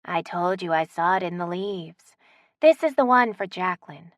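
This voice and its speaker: A woman's voice: fairly low pitch, lively intonation, moderate pace, dry recording, studio quality, close to an everyday voice. A woman voicing a sly older herbalist woman who talks in a sing-song way.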